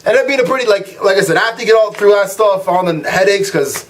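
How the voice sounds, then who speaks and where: This young vlog host talks fast in a high voice, ranting casually to the camera. He tells a story animatedly, acting out what people said, and fills it with fillers and restarts.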